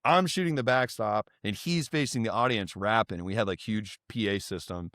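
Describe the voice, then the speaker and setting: A man in his thirties, a podcast guest, telling lively stories in casual chat and mimicking his friends' voices. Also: on the low side, a little fast, no room sound, studio quality. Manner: animated, mimics voices when quoting friends. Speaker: guest, content creator. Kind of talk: casual storytelling.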